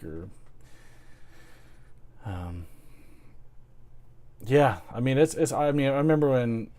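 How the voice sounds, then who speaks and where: A man's voice: lowish voice, a little mellow, smooth. A man hosting a casual pipe-smoking chat, rambling, laughing often and trying out comic voices. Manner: chatty, self-deprecating, laughs often, tries comic voices. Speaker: pipe-smoking video host.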